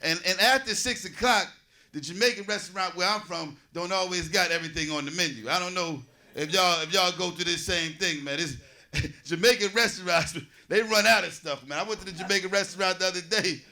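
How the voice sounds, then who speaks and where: Bright-voiced man in his forties doing stand-up. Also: sits high, brisk. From New Jersey. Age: 40s. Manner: loose, conversational, riffs with the audience. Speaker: stand-up comedian. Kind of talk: stand-up comedy set. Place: comedy stage.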